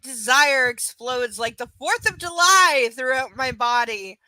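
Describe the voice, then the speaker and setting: A woman's voice: high voice, lively intonation, a little slow, pushed and bright, no echo, low-quality recording. A woman reading a romance novel aloud to a live audience, breaking off for frank, profane asides. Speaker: live book reader. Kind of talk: live reading with blunt commentary.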